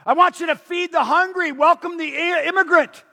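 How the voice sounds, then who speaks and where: Preacher acting out a wrathful Jesus, shouted and high, ringing in a big hall. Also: male voice, steady tone, creaky, heavily acted. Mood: angry rebuke. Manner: shouting, fierce, slow and forceful. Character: angry male Jesus rebuking hypocrites.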